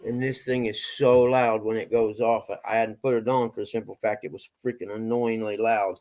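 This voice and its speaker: A man's voice: on the low side, level tone, normal speed, darkish tone, low-quality recording. A middle-aged man chatting casually on a livestream, folksy and a little out of breath, talking to his pets and viewers.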